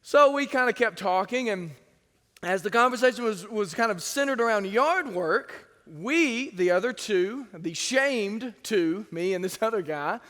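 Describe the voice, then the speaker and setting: High, bright-voiced preacher in reverb. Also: male voice, measured pace. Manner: lively storytelling, acts out quoted voices. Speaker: pastor. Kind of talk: sermon with anecdotes. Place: church sanctuary. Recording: long church reverb.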